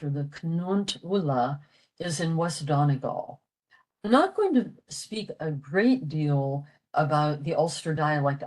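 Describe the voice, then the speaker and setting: Older woman presenting a library lecture; slow, deep, halting delivery full of "uh"s. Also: a little mellow, poor audio. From western Pennsylvania, USA. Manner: halting, with frequent "uh" fillers. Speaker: presenter of a library language talk. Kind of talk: explaining a lecture.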